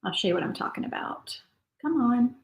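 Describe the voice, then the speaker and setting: A woman's voice: on the high side, expressive, brisk, creaky, reverberant, low-quality recording. A woman, hosting a crafting livestream and chatting casually as she paints. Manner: chatty, thinks aloud while painting. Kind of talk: casual live crafting chat.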